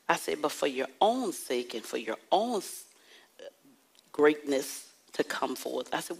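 Woman, preacher, low-ish husky voice, sermon, call and response, slow stretched emphasis. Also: lively intonation, low-quality recording. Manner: call-and-response preaching, dramatic slowed emphasis, acts out anecdotes. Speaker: prophetess preaching.

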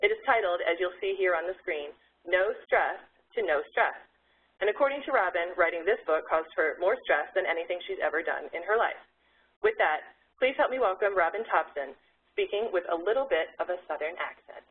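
Husky woman hosting a webinar, tinny line. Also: lowish voice, lively intonation. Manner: measured, instructive, with slips. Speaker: webinar host. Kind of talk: reading housekeeping instructions. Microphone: video call.

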